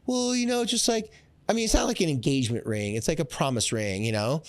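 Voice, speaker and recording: A man's voice: fairly high pitch, lively intonation, fairly quick, dry recording. A man doing a giddy teenage girl. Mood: gushing. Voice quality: breathless, gushing, valley-girl fillers. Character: giddy teenage girl, gushing about boyfriend.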